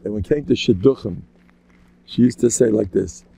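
A man giving an informal, joking religious talk, animated and acting out quotes in sudden high voices. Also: normal speed, vocal fry, breathy edge, no room sound. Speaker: religious lecturer. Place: local community gathering.

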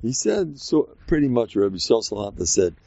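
A man teaching a Torah class in a lively way, acting out quoted voices and laughing often. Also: medium pitch, fairly quick, vocal fry, dry recording, lo-fi sound.

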